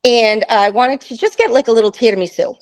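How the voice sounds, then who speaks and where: A woman in her fifties with a fairly high voice tells a travel story to a friend in a casual interview. She is animated and laughs often, and she jumps into the voices of the people in her story. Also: a little fast, poor audio. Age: 50s. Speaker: guest.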